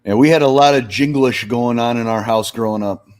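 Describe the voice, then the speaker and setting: A man's voice: mid-range voice, fairly quick. A middle-aged man chatting casually as a co-host, giving short, easygoing answers. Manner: laid-back, brief answers. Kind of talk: casual livestream chat.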